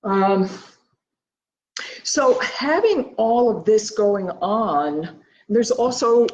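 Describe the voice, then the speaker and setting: A woman's voice: mid-range voice, animated, a little mellow, echoey room, muffled recording. A woman from the United States, a painter, chatting casually in her studio while thinking aloud, a little out of breath, recorded on a laptop. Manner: thinking aloud, rambling and halting. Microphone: laptop microphone.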